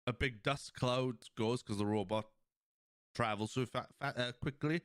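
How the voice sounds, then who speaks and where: A man's voice: mid-range voice, moderate pace, clean tone, dry recording, clean studio sound. A man hosting a podcast, chatting casually, rambling through episode scenes with lots of restarts and some swearing. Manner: rambling, recounts scenes with quoted lines, swears; many fillers and restarts, laughs along. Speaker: podcast host. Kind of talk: casual chat.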